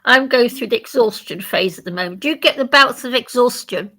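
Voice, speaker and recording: A woman's voice: fairly high pitch, brisk, pushed and bright. A woman chatting casually with others on a live call. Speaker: participant. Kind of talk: casual chat.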